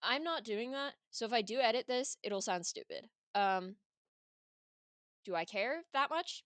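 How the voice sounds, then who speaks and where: A woman's voice: fairly high pitch, lively intonation, a little slow, fairly bright tone, no echo. A young woman streamer giving giggly, rambling, self-deprecating game commentary.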